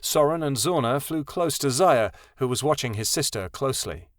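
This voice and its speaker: A man narrating a fantasy audiobook in a steady, even storytelling voice. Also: medium pitch, normal speed, no room sound, clean studio sound. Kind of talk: scripted narration.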